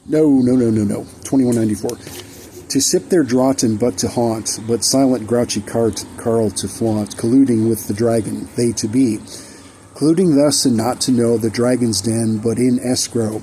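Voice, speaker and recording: A man with a dark, mellow voice recites his own rhyming poetry, and his delivery is measured and steeped in archaic phrasing. He sometimes stops and restarts a line. Faint noise and passing traffic sit under the voice. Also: mid-range voice, fairly even intonation, poor audio. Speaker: poet.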